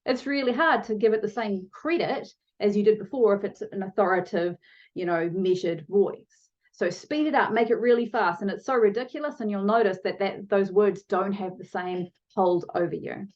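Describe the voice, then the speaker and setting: A woman's voice: mid-range voice, normal speed, darkish tone, highs cut off. A woman coaching viewers in a motivational video lesson, talking to them directly and shifting her pace for emphasis. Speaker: online challenge coach.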